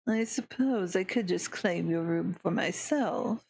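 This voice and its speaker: A woman's voice: fairly low pitch, measured pace, gravelly, darkish tone, slightly rough, full character voice. A woman voicing a languid, sneering young male monster, drawling every line with derision while reading a visual novel aloud. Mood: derisive.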